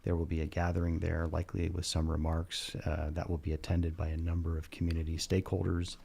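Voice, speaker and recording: A man giving a measured, earnest radio interview as a county coroner, pausing often with "uh". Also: low-pitched, monotone, gravelly, dark tone, breathy edge. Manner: measured and earnest, with frequent "uh" pauses. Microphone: studio microphone.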